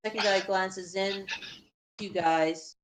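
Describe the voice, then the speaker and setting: A woman running a tabletop game as game master, calling out rolls and rules in a brisk, instructive way. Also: mid-range voice, fairly even intonation.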